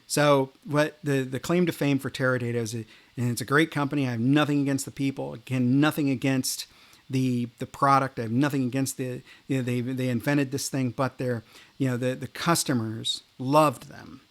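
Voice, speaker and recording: A middle-aged man hosting a podcast, rambling through animated career anecdotes in a casual monologue. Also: mid-range voice, moderate pace. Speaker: podcast host.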